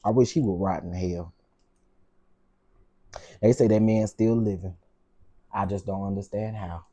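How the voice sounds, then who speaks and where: A man's voice: lowish voice, steady tone, a little slow, dark tone. A man hosting his own channel, telling personal stories with frank, heated, preacher-like repetition. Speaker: channel host. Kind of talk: emotional storytime commentary.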